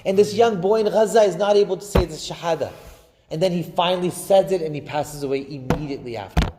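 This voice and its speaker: A man giving a Friday sermon, preaching with passion, slowing and swelling for emphasis and chanting Arabic phrases. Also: on the high side, noisy background. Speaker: imam giving Friday khutbah. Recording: long hall reverb.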